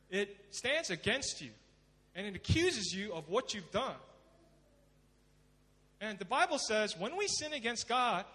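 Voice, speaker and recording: A man preaching a sermon as pastor, dramatic, swinging from loud emphasis to hushed pleading. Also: high voice, in a large hall.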